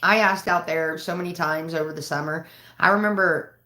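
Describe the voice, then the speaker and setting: A woman's voice: low voice, moderate pace, sharp tone, echoey room. A woman chatting casually on a livestream from home, rambling and swearing freely. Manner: profane, rambling storytelling. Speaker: live streamer.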